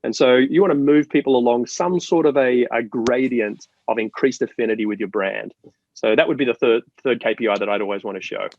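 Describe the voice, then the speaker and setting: A man from Australia, a guest in an interview, explaining ideas in an animated, storytelling way with many restarts. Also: mid-range voice, brisk, dry recording, muffled recording. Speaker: marketing guest. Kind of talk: interview conversation.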